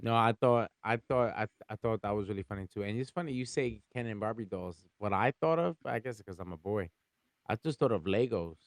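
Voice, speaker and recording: A man's voice: on the low side, a little fast, no echo, studio quality. A man chatting casually about a movie in an easygoing way, full of fillers and restarts.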